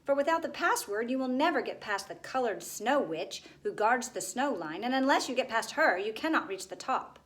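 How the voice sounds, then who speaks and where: A woman's voice: on the high side, lively intonation, normal speed, hardly any pauses, voice pushed up, close to an everyday voice. A woman voicing a mournful male gargoyle who moans and wails. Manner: mournful, wailing.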